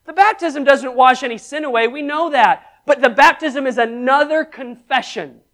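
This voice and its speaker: A preacher giving a sermon who asks the congregation questions, calls for amens, and swings between loud exhortation and hushed emphasis. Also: high voice, moderate pace.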